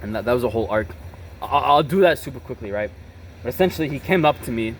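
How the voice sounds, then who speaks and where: A man's voice: medium pitch, lively intonation, fast. A young man with a mid-range voice, talking bluntly and casually in a confessional tone. He peppers nearly every sentence with "bro" and "right?" and swears freely. Faint traffic and street noise sit behind him outdoors. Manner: blunt and emotionally charged. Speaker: vlogger. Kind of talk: confessional storytelling.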